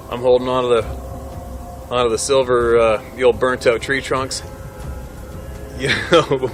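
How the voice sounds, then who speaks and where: Music plays beneath the voice of a middle-aged hunting guide who tells a story vividly, laughing between lines. His voice is medium-pitched and a bit bright.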